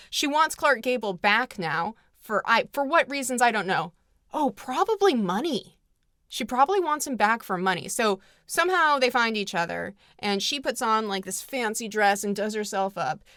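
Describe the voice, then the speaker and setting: A woman vlogger giving a comedic movie summary in a sarcastic, rambling, deadpan way. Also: on the high side, dry recording, clean studio sound.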